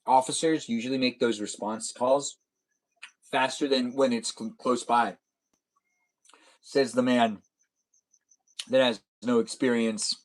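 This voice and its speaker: A man's voice: mid-range voice, steady tone, slow, pauses often. A young man live-streaming a racing game, chatting casually and playfully with viewers and slipping into silly sing-song noises.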